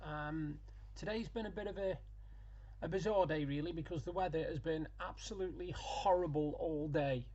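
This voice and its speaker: A man's voice: on the high side, normal speed, dark tone, highs cut off. A middle-aged man, chatting casually in a daily vlog and telling stories with plenty of ums and asides. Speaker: vlogger.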